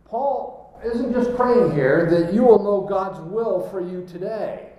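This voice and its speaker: A man's voice: sits high, slow, lo-fi sound. Emphatic preacher man in an echoey room. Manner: emphatic preaching, stressing key words while reading scripture. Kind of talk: sermon.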